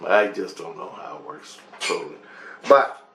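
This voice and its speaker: A man's voice: low-pitched, expressive, unhurried, a bit bright, slight background noise. A man vlogging, telling a dream story in a loose, profane, meandering way. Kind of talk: rambling casual storytelling. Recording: echoey room with faint ambience.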